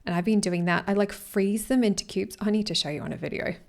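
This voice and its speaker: A woman talking casually to her followers in a rambling, earnest way, sometimes dropping to a soft whisper. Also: medium pitch, fast, creaky. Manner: rambling and warm-hearted, often losing her thread. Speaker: vlogger speaking to her followers. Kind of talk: casual chat to camera.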